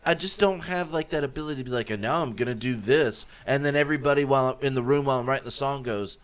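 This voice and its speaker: A man's voice: mid-range voice, racing, smooth. A man who is a guest on a podcast, talking in a rambling, casual way with frequent "like" fillers. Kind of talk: casual round-table chat.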